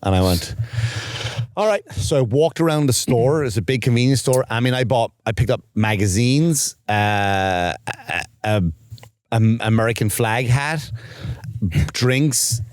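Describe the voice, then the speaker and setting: Man telling animated stories on a podcast. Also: mid-range voice, a little slow. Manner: animated storyteller, acts out quoted exchanges; swears freely, self-mocking. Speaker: podcast co-host, comedian. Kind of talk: casual comedy podcast chat.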